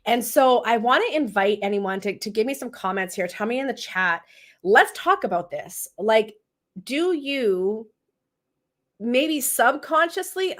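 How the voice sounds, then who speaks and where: A woman's voice: on the high side, a bit bright. A woman in her thirties from Canada, a business coach hosting a live session in a chatty, upbeat way, laughing often and talking to her viewers. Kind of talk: casual livestream talk.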